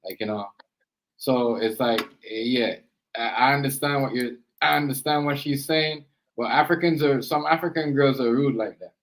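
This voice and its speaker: A man from Canada in a casual live-stream discussion, telling stories haltingly with many likes and restarts. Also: medium pitch, low-quality recording.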